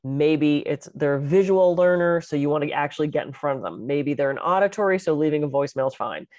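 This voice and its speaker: A middle-aged woman co-hosting a podcast, chatting casually as an animated, expressive storyteller. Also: sits low, fast talker, no room sound, highs cut off. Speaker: podcast co-host and public speaker. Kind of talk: casual conversational chat.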